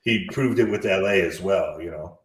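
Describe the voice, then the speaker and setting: A man's voice: low voice, moderate pace, distant mic. A man ranting in casual chat over drinks, profane and exasperated. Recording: echoey room.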